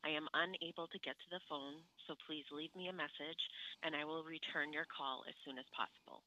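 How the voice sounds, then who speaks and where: A woman's voice: sits low, steady tone, brisk, pushed and bright, a little hiss or hum, rough recording. A woman giving a polite, upbeat recorded voicemail greeting.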